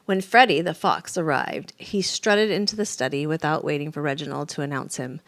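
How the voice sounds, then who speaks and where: A woman reading a children's picture book aloud with lively, expressive storytelling. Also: sits low, moderate pace, few pauses, dry recording. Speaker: storybook reader.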